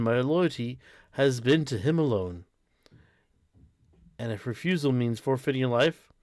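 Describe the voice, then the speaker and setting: A man voicing a courteous male skeleton musician who speaks formally and gravely about his loyalty. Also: mid-range voice, darkish tone, no room sound, clean studio sound, close to an everyday voice. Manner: formal and solemn.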